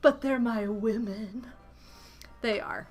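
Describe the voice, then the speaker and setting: A woman's voice: on the high side, takes it slowly, soft background music. A young adult woman streaming from her apartment, chatting casually and animatedly with her audience. She giggles often and drops into cooing baby talk. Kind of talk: casual livestream chat.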